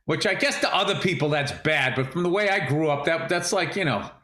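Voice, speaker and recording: Podcast co-host, male, high bright voice, profane jokey banter in a roomy space. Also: brisk. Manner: profane, joking, ribbing his co-host. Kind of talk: casual comedic chat.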